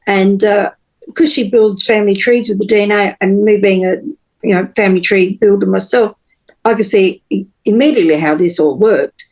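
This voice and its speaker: A woman, a podcast guest telling her personal story in an earnest, halting way with many pauses and restarts. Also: medium pitch, darkish tone, low-quality recording.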